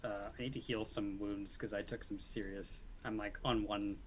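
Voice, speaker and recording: A man's voice: on the low side, steady tone, normal speed, a crowd in the background. Dry, sardonic man playing a tabletop game. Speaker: player. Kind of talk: in-character tabletop play.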